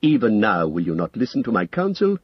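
A man voicing a proud, persuasive old male wizard in an audiobook, with smooth coaxing speech that climbs to lofty emphasis. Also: fairly low pitch, big pitch swings, a little fast, dry recording. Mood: scornful. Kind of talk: audiobook character reading. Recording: dull lo-fi audio, dry.

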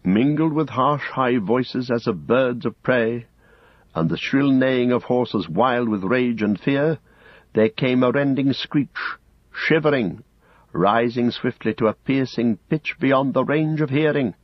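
A man narrating an audiobook in a measured, grave storytelling manner, close to the mic. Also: medium pitch, no echo. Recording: dull lo-fi audiobook recording.

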